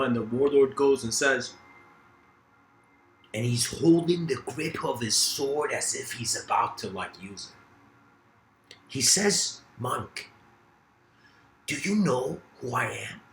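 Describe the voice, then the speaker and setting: A man's voice: medium pitch, unhurried, roomy sound, a little hiss or hum, rough recording. A man giving a casual philosophical lecture, telling a story loosely with many fillers.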